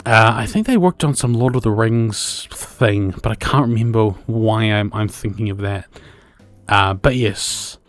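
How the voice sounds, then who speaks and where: A man's voice: on the low side, unhurried, no echo, soft background music. A man in his twenties with a New Zealand accent, hosting a solo podcast in a rambling, self-correcting way and swearing casually. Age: 20s. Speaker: podcast host.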